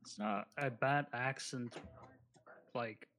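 A man in a casual group chat, deadpan and crude. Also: mid-range voice, slow pace.

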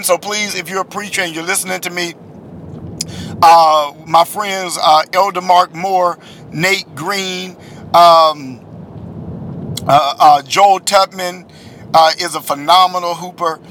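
Man, high bright voice, casual rambling rant, in a car. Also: a little slow, a little hiss or hum. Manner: rambling, exasperated, heavy fillers. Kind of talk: casual chat.

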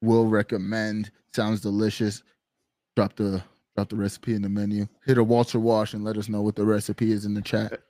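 A man's voice: lowish voice, monotone, normal speed, dark tone, dry recording, clean studio sound. Casual rambling male co-host. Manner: rambling, filler-heavy storytelling. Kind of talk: casual chat on a live stream.

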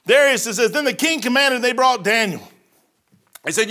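A man preaching a folksy, storytelling sermon as pastor, dropping to a hush and rising to shouts. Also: extremely high pitch, animated, brisk. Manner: says "man" often.

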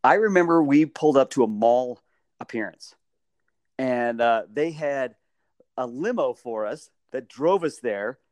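A man telling stories in casual chat, animated and often laughing. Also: medium pitch, unhurried, no room sound. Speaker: storyteller.

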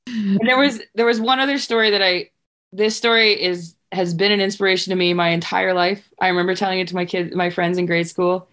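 A woman's voice: lowish voice, steady tone, a little fast, fairly bright tone. Earnest woman telling a heartfelt story. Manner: earnest and heartfelt, tearful at times. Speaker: podcast guest. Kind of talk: casual chat, telling a story.

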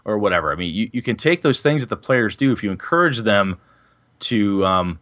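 Guy with a lowish voice rambling on a gaming podcast, swears a bit, keeps restarting sentences. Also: expressive, a little fast, fairly bright tone. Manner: rambling, self-correcting, swears casually. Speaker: podcast host and game master. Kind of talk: casual chat about tabletop gaming.

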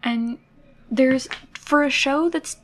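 A woman co-hosting a podcast in casual conversation, speaking. Her voice sits a little high, and she talks through her opinions on shows in a chatty, critical way, laughing easily. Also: slow pace, a bit bright, a little hiss or hum. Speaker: podcast co-host. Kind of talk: casual chat.

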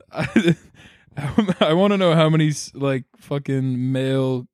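A man's voice: medium pitch, clean tone, dry recording, clean studio sound. A young man co-hosting a podcast, chatting casually, swearing and laughing a lot. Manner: profane, joking, laughs often. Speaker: podcast co-host. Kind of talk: casual chat.

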